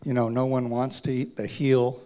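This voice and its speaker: A man preaching a sermon, acting out dialogue in a dramatic voice that drops to a hush and rises to a shout. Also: medium pitch, level tone, normal speed, clear, resonant tone. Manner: dramatic, acts out voices, swings from hushed to shouting. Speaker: pastor.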